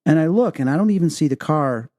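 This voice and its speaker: A man hosting a talk radio show, telling personal stories in an animated way and acting out quoted speech. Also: fairly high pitch, quick pace. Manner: animated storyteller, acts out quotes. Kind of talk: interview and personal storytelling.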